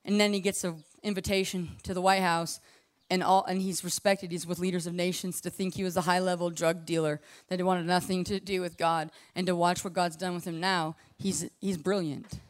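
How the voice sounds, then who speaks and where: A woman preaching a conversational sermon, impassioned and casual, full of asides, swinging between hushed and loud. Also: fairly low pitch, flat delivery, moderate pace, few pauses.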